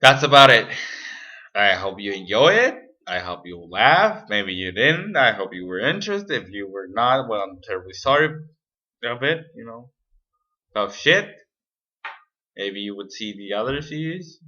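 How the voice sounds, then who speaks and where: A man's voice: on the low side, sing-song, unhurried, bright, forceful tone, highs cut off. A man vlogging an unscripted rant to camera, profane, rambling and exasperated. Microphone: camera mic.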